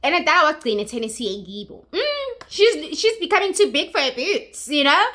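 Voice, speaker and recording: A woman's voice: sits high, very animated, moderate pace, pushed and bright. A woman recapping a movie in a chatty, mocking way, acting out characters as she goes. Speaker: YouTuber.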